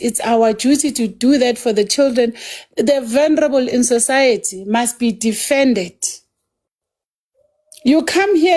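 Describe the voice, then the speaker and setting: Forceful South African woman, low-key tone. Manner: forceful, switching between English and isiZulu. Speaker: activist speaker. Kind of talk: heated online discussion.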